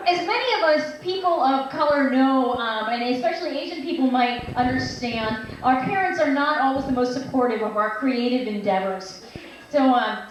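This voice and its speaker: A woman in her twenties performing a stand-up set in a small restaurant, delivering deadpan setups and slipping into playful voices. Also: high-pitched. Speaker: stand-up comedian. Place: small restaurant venue, live reading night. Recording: echoey room, distant mic, faint noise.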